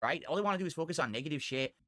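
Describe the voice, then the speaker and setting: A man rants on his livestream at a rapid clip. His voice is bright and a little pitched up for a man. He sounds irritable, profane and defensive. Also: lively intonation. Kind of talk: livestream rant.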